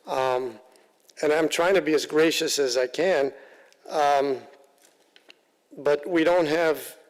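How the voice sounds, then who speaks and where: A male council member giving halting, plain-spoken remarks at a council meeting, often repeating himself. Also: a little high, long reverb tail, rough recording. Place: council chamber.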